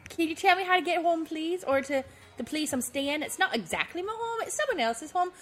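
A woman's voice: extremely high pitch, expressive, fairly quick, a bit bright, faint music behind, pitched above the performer's own voice. A woman voicing a lost, childlike young girl who rambles politely and eagerly asks for help. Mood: pleading.

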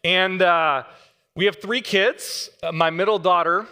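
Male preacher, lively storyteller, bright, fairly high voice, hall reverb. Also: a little slow, clear, resonant tone. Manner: animated storyteller, acts out voices. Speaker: guest pastor. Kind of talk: sermon with storytelling. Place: church sanctuary. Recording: long church hall reverb.

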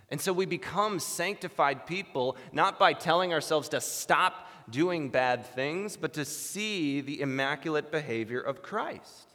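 A man's voice: fairly high pitch, a bit bright. A man preaching a sermon in an earnest manner, building to emphatic bursts. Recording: long hall reverb.

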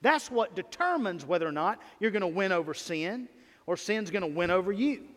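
Pastor, man, high tenor, emphatic sermon delivery, long hall reverb. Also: lively intonation, normal speed, a bit bright. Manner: emphatic preaching, rising and falling in volume. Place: church sanctuary. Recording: long reverb of a church sanctuary.

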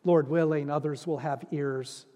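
A man's voice: on the high side, steady tone, measured pace, dark tone. A middle-aged man preaching a sermon as pastor, earnest and emphatic, repeating key phrases for weight. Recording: long reverb in a large hall.

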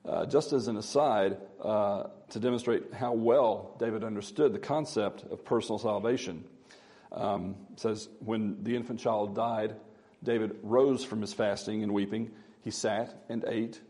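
Guy teaching from the bible, kinda deep and mellow, lots of uhs and ums. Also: steady tone. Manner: halting, many fillers, reads scripture aloud with rising emphasis.

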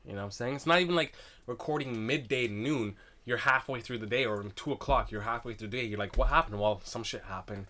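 A man co-hosting a late-night podcast, talking in loose, rambling banter full of fillers and crude jokes. His voice is bright and forceful at a middle pitch. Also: quick pace. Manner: rambling, many fillers, laughs often. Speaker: podcast co-host.

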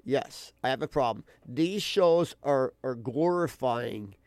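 A man's voice: medium pitch, animated, slow pace, darkish tone, dry recording. A man hosting a talk radio show, arguing his points in an insistent, argumentative way.

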